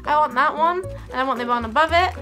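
A woman's voice: high-pitched, fast, bright, forceful tone. A woman hosting a let's play, chatting and giggling as she plays. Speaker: gaming channel host. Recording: game music behind.

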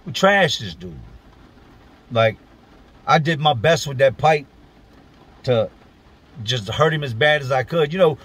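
A man at a middle pitch telling a story straight to his viewers, blunt and profane, with plenty of street slang. He talks the way he would to friends, loose and unpolished. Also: fairly bright tone. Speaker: storyteller, channel host. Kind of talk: casual spoken storytelling.

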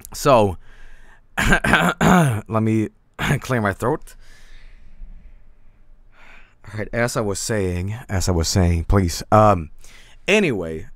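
A man rambles through a casual stream, tripping over his words and laughing as he goes. His pitch jumps up and down a lot. The sound is dry and close, with no room echo. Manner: rambling, stammering, laughing often. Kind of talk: casual live-stream chat.

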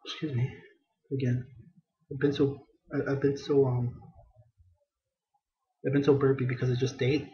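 A man's voice: mid-range voice, level tone, moderate pace, pauses often, highs cut off. A young man giving casual, self-mocking let's play commentary. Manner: chatty, self-mocking, reads game dialogue in a hammy theatrical voice. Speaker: gameplay commentator.

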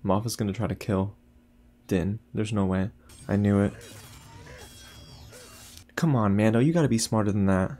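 A young man hosting a casual reaction video, talking excitedly to his viewers with lots of exclamations. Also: lowish voice, moderate pace, pauses often. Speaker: YouTube reaction host.

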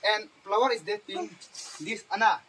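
A man's voice: high voice, sharp tone. Brief: man, plays a teacher in a comedy skit, broken English, stumbles and repeats, light hiss behind. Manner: broken English mixed with Hindi, halting, repeats words. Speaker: comic playing a teacher.

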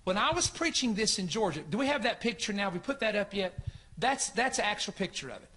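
A man preaching a sermon, telling a story in an animated way and acting out the dialogue of the people in it. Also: high-pitched, quick pace, slight background noise. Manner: animated, acts out reported dialogue.

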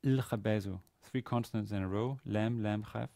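A man giving a university grammar lecture, pausing often with fillers and restarting his sentences. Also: on the low side, fairly even intonation, vocal fry, warm tone, no room sound, clean studio sound. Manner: hesitant, many fillers and restarts. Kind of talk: classroom lecture. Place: university classroom.

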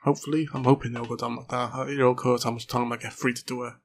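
Gamer, hoarse, excitable, swears a lot, noisy recording. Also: male voice, mid-range voice, quick pace. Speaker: gaming channel host. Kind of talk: let's play commentary.

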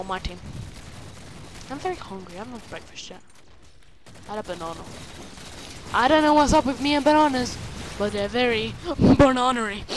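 A woman giving playful, excitable commentary over her own gameplay, breaking into silly chatter and squealing outbursts. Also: mid-range voice, background noise. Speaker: gaming video creator.

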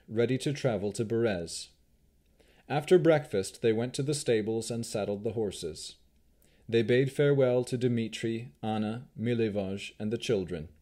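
A man narrating an audiobook in a steady, measured storytelling manner. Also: medium pitch.

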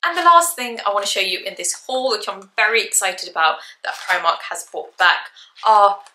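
A woman's voice: medium pitch, normal speed, pushed and bright, reverberant, a little hiss or hum. A young woman, chatting upbeat to camera about a shopping haul, her voice jumping up whenever she says a price. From England. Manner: chatty, upbeat, voice jumps up when saying prices. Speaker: fashion haul vlogger. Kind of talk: casual haul chat to camera.

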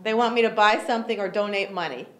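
A woman teaching an English class for job seekers, speaking slowly and clearly, encouraging and often laughing. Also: mid-range voice. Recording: echoey classroom.

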